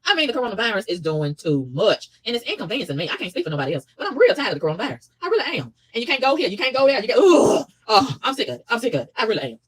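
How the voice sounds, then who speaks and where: A woman rattles off a rapid, exasperated rant. Her pitch leaps and dips with lively swings, and she barely pauses between complaints. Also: husky. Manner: fast, exasperated ranting with animated pitch swings. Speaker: vlogger. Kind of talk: ranting monologue.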